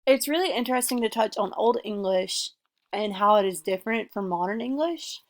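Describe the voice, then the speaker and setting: A young woman giving a class presentation, reading her points in an earnest, measured way. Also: mid-range voice, lively intonation. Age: young adult. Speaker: student presenter. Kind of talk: class presentation, read from notes.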